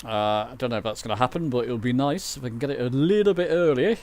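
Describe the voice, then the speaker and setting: Talking fast in a medium-pitched, darkish voice, a man chats casually on a flight sim livestream. He's chatty and rambling, and he mocks himself along the way.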